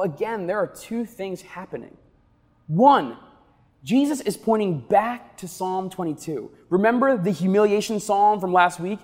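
A man preaching a sermon as pastor, emphatic, slowing down to stress key words. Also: high voice, expressive, darkish tone. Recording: long reverb of a large hall.

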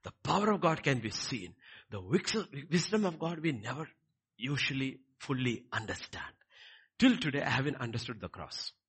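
A man preaching a sermon, swinging between quiet lines and loud, emphatic ones. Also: mid-range voice, very animated, normal speed, breathy edge. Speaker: pastor.

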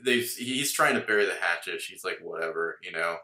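Man, podcast co-host, very low voice, bright edge, roomy echo, casual analytical chat. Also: fairly quick.

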